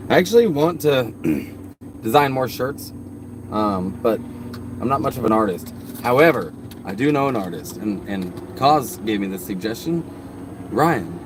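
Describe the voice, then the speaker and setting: A low-voiced man talks loosely to his live stream viewers, rambling from one thought to the next and swearing without a second thought. He is outdoors, with a faint wash of traffic and ambience behind him. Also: sing-song, measured pace. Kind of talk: casual live stream chat. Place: outdoors by his truck at a park.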